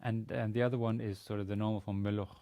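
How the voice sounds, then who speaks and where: Speaking quickly in a fairly low, mellow voice with little variation in delivery, this man is a university lecturer leading a Biblical Hebrew class. His approach is methodical: read the Hebrew aloud, translate it, then explain the grammar step by step.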